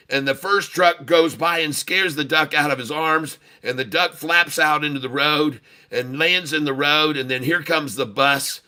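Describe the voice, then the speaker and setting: Bright folksy joke-telling man. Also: medium pitch. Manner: folksy, chuckling storyteller. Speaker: day-trading livestream host. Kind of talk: telling a bawdy joke on a livestream.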